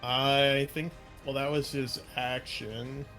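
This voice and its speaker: A man's voice: medium pitch, flat delivery, slow pace, bright, forceful tone, soft background music. A man playing a tabletop game, reading rules aloud and thinking things through with some uncertainty. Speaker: player.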